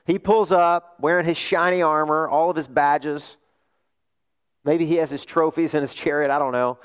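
A male pastor preaching a sermon, telling a story in an animated way and asking rhetorical questions. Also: on the high side, normal speed, clean tone.

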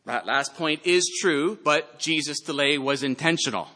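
A man preaches a sermon from the pulpit, his voice bright and forceful. He reads scripture with dramatic emphasis and now and then calls out loudly. His words ring with the long reverb of a large church sanctuary. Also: a little high, moderate pace. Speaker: pastor.

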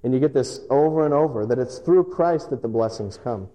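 Warm-voiced male pastor preaching. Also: medium pitch, lively intonation, low-quality recording. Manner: storytelling, emphatic with dramatic pauses. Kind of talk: sermon.

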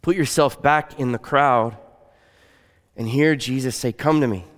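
A man preaching a sermon in an earnest, conversational way, his voice often dropping soft and quiet. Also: mid-range voice, unhurried, long reverb tail. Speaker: pastor.

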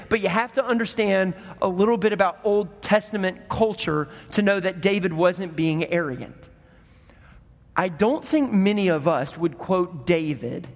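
Pastor, male, very high-pitched, animated storyteller, recorded in an echoing hall. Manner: animated storytelling, acts out voices in quotes. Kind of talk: sermon. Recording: long hall reverb.

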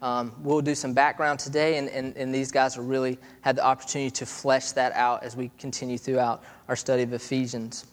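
A man's voice: mid-range voice, level tone. A man in his thirties preaching a sermon in a chatty way, stopping and restarting often. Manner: conversational, halting with many restarts. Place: church hall. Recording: long hall reverb.

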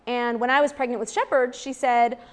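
A woman's voice: fairly high pitch, fairly even intonation, fairly quick. A woman in her thirties, a street outreach worker, giving an earnest, emphatic faith talk to a live audience and repeating phrases for stress.

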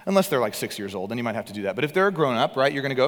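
Pastor guy preaching, earnest and emphatic, gets quiet then loud, long echo like a big church hall. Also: medium pitch, very animated, very fast. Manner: earnest, emphatic preaching with sudden swings between loud and hushed. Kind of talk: sermon.

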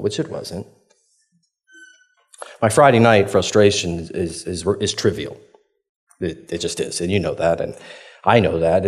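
A man, preaching a conversational sermon. He tells a personal story in a chatty, self-deprecating way, laughing often and acting out his own reactions. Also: lowish voice. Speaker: pastor.

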